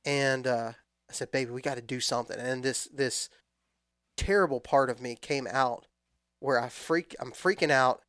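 A man in his thirties telling a long hunting story in a relaxed, rambling way with frequent restarts. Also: medium pitch, dry recording, clean studio sound. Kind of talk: casual storytelling chat.

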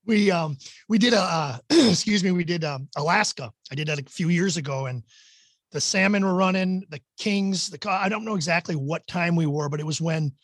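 Man, guest, rambling storyteller, husky, high pitch, dry sound. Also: fairly quick, no echo. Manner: rambling storyteller who stops to clear his throat. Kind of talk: casual anecdote.

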